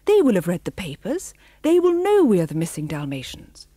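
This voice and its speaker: Woman doing a gentle mother Dalmatian, anxious, earnest, higher and lifted, storybook audiobook. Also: wildly swooping pitch, fairly quick, no echo, studio quality.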